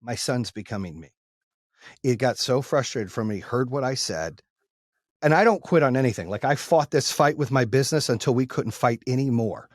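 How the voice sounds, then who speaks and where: Male podcast host, mid pitch, blunt casual storyteller with salty language, dry booth sound. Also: animated, normal speed, no echo. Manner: blunt, swears freely, retells arguments in dialogue.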